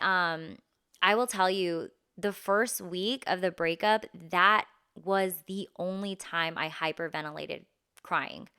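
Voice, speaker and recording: A young woman talks through her own story in a loose, candid podcast chat. Her voice is bright and clear, and her slangy delivery is quick to laugh and full of life. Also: on the low side. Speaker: podcast host. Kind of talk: casual personal storytelling.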